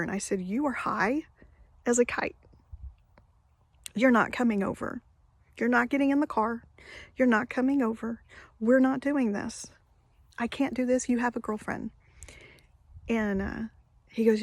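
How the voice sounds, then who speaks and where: A woman in her fifties talks straight to the camera, candid and rambling, her sentences breaking off and restarting as she tells her story. Her voice sits mid-pitch for a woman. The sound is dry and close, with no room echo. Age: 50s. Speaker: vlogger. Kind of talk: confessional storytelling.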